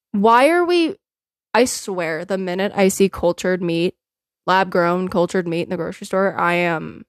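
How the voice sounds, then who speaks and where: A woman's voice: mid-range voice, no room sound. Blunt, laughing woman podcaster, dry sound. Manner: blunt, opinionated, laughs often, swears casually. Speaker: podcast host. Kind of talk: casual solo podcast chat.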